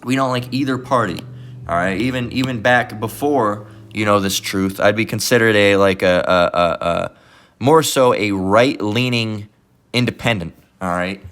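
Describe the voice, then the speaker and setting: Here a self-styled bible teacher's fairly low, slightly bright voice comes through clear and resonant at a moderate pace. His scripture commentary is casual and digressive, full of profanity, with "all right?" tagged onto his sentences again and again.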